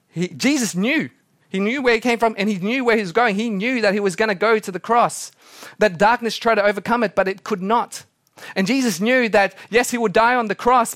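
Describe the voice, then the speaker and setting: A man preaching a sermon as pastor, dramatic, acting out quotes and slowing down for emphasis. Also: high voice, a bit bright, dry recording, studio quality.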